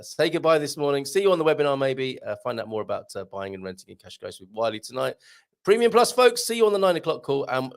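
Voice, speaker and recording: A man hosting a live online show, chatting and reading out viewer comments. He is jokey, laughs often and trips over his words. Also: mid-range voice.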